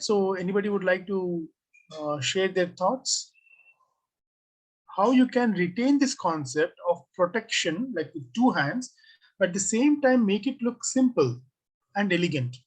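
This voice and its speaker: Husky-voiced design teacher on a video-call mic, asks the class questions and reads out their comments, mid pitch. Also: poor audio. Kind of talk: online class review.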